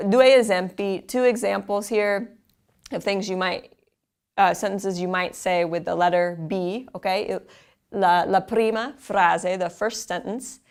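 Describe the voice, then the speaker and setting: A woman teaching a language lesson, saying each word slowly and then repeating it for learners. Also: medium pitch, clean tone. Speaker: Italian teacher.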